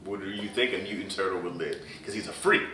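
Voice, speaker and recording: A man co-hosting a casual podcast chat, telling stories in a joking, animated way. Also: low-pitched, fast, recorded from a distance, a little hiss or hum. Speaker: podcast co-host. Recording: roomy echo, off-mic.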